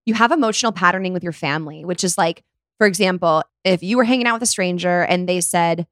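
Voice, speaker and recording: Lively young woman podcast host. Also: fairly low pitch, fast talker, no echo, studio quality. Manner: animated storyteller who acts out quotes. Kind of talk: casual chat.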